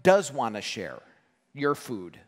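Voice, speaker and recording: A man preaching a sermon to a congregation, animated and joking, acting out quoted voices. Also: mid-range voice, takes it slowly, in a large hall. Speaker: pastor. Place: church hall.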